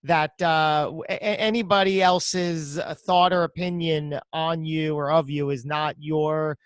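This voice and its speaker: A man hosting a podcast interview, asking slow, reflective questions. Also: fairly high pitch, fairly even intonation, smooth, dry recording, clean studio sound. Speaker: podcast host.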